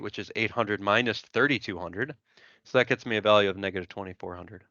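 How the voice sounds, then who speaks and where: An engineering instructor, a man with a lowish, fairly bright voice, lectures in an animated, slightly quick way, methodically working through an example step by step and thinking aloud as he sketches, often saying "right?" and "so." The recording is muffled, with no room sound.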